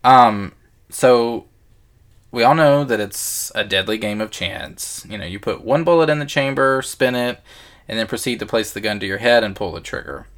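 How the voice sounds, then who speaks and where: A man's voice: mid-range voice, normal speed, fairly bright tone. A man co-hosting a podcast in casual chat, hesitant with many fillers and restarts, swearing freely. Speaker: podcast co-host.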